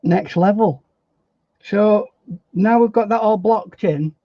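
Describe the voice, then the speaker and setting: Male painting tutor, a touch high, easygoing and talkative, dry slightly muffled sound. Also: takes it slowly, no echo. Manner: chatty, thinking aloud with fillers and repeats. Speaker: painting instructor. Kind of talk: relaxed painting demonstration. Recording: dry, slightly dull recording.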